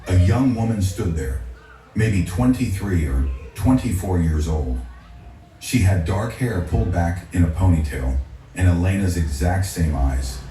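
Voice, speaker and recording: A man with a very deep, dark voice tells a story in a steady, dramatic way, his pitch swinging widely. He sounds echoey and far from the mic, with faint music playing behind him. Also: measured pace. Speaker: narrator. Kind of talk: scripted story narration.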